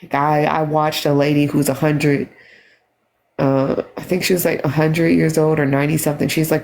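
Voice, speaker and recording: A tired woman talking on a phone livestream, halting and repeating herself as she speaks with emotion. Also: low-pitched, level tone, a little mellow. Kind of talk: emotional casual livestream talk.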